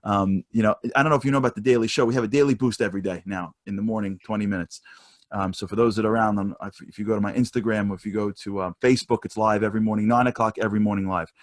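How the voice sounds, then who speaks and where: A man speaking as a motivational speaker, telling stories in a fast, animated way with many restarts. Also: lowish voice, dry recording, studio quality. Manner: fast, many restarts, voice rises when storytelling. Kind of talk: animated storytelling talk.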